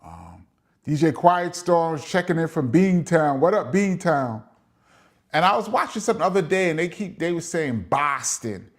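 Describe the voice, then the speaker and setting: A man's voice: on the high side, sing-song, moderate pace. Chatty New York man reading comments. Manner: long-winded, shouts out viewers, reads comments aloud. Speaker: host of a live chat show. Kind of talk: casual livestream chat, reading viewer comments.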